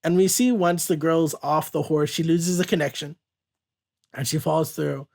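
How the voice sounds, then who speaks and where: A man's voice: a little high, vocal fry, darkish tone. A man hosting a casual podcast, walking through a comic page by page and reading lines aloud in loose paraphrase. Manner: reads character lines aloud in quick, loose paraphrase, laughs often. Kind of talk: casual comic review chat.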